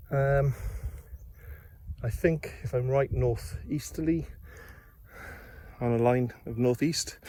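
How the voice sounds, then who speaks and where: A man's voice: medium pitch, warm tone, no echo. A man, chatting casually into a handheld phone outdoors on a hillside, rambling and self-deprecating. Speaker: amateur radio vlogger. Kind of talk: casual hiking vlog narration.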